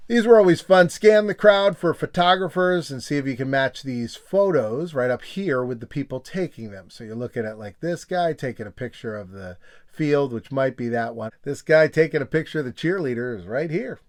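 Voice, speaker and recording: A man's voice: medium pitch, animated, moderate pace. A man hosting a nostalgia video in a casual, joking tone, reading old magazine pages aloud and slipping into silly voices. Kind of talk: casual comedic commentary.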